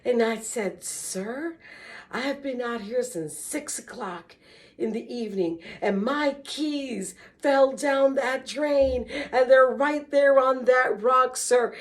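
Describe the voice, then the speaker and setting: A woman slowly telling a personal story in an earnest, testimonial way, breaking into small religious exclamations. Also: fairly high pitch.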